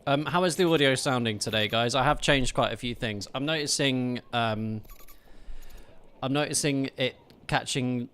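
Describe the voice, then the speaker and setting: A man with a medium-pitched, clear, resonant, slightly bright voice streams gameplay at a normal speed through a streaming microphone. He chats playfully with the audience, thanking and ribbing them in a talkative way.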